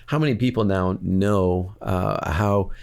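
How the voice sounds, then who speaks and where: A man in a casual podcast conversation, speaking thoughtfully about faith in a measured way with many pauses and fillers. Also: deep voice, vocal fry, darkish tone, clean tone. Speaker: podcast guest. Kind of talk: casual chat, reflective faith talk.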